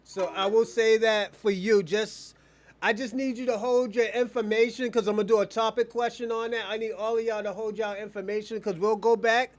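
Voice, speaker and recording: A man with a noticeably high speaking voice co-hosts a livestream in loose, casual chat. He rambles, swears freely and keeps restarting his sentences. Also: fairly even intonation, brisk. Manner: rambling, profane, restarts a lot.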